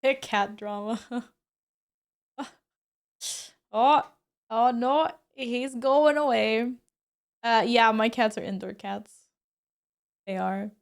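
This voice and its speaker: Chatty woman streamer, slightly high voice. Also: takes it slowly, creaky, long pauses, smooth. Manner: chatty, laughing often, exclaiming. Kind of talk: casual chat, reading chat and commenting on her cats.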